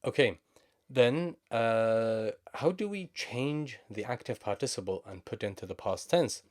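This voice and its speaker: Lower-voiced man teaching Arabic. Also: a little mellow. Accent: Levantine Arabic. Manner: explains slowly, switching between English and Arabic examples. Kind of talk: language lesson.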